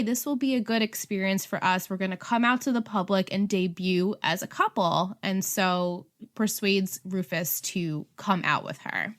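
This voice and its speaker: A woman co-hosting a podcast, chatting casually and retelling a TV episode in an animated way. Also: medium pitch. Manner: chatty, animated storytelling with frequent fillers. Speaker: podcast co-host. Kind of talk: casual chat recapping a TV episode.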